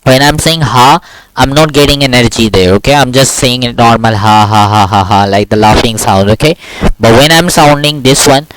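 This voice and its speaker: This man, a Quran teacher, speaks at normal speed in a mid-range, slightly bright voice. He's running a one-on-one online lesson via video call, patient and repetitive, demonstrating sounds and regularly asking "okay?"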